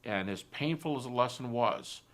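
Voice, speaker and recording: A man, a Christian philosopher, giving a personal testimony talk in a reflective, soft-spoken way, retelling conversations as dialogue. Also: mid-range voice, animated, moderate pace.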